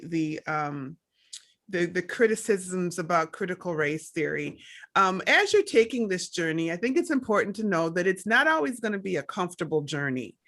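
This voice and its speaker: A woman's voice: fairly low pitch, fairly bright tone. A woman panel guest speaking reflectively on a radio discussion, often restarting her sentences. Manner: reflective, hesitant with many restarts.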